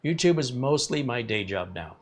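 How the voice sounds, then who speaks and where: A man's voice: mid-range voice, lively intonation, moderate pace. A man in his fifties hosting a live tech stream, chatting casually and rambling between topics while reading viewer comments. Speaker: tech YouTuber host.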